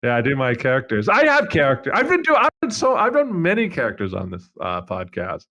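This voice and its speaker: A young man from Canada rambles through a story on a casual podcast. He leans on fillers, restarts his sentences and laughs at his own points, at an ordinary, middle pitch. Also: huge pitch swings, fairly quick, sharp tone. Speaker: podcast co-host. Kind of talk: casual chat.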